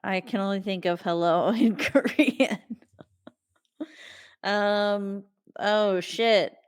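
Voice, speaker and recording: A woman's voice: medium pitch, fairly even intonation, slow pace, clean tone, no echo, studio quality. A woman co-hosting a podcast, chatting casually and playfully, often giggling. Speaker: podcast co-host. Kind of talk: casual podcast outro chat.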